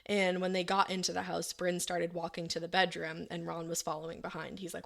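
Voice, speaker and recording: Low, gravelly woman telling a true-crime story. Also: flat delivery, brisk. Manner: conversational, frequent "like" fillers, acts out quotes. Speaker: podcast host.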